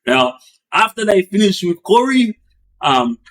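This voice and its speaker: A man telling a story in a loose, rambling way, with many fillers and restarts, acting out the action with bangs and booms. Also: measured pace. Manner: animated, acts out sounds with bangs and booms. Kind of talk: casual spoken storytelling.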